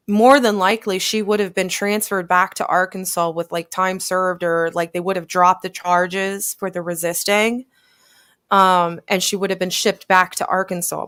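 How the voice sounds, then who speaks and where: A woman's voice: on the low side, fairly bright tone, clean tone, no room sound, clean studio sound. A woman host casually recapping a case on a live stream, explaining step by step with frequent fillers. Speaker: commentary host.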